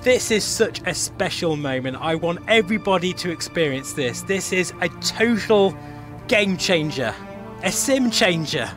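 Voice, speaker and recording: A man, a flight sim vlogger gushing with excitement as he reviews a VR headset. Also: high voice, measured pace, over music. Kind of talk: enthusiastic product review vlog.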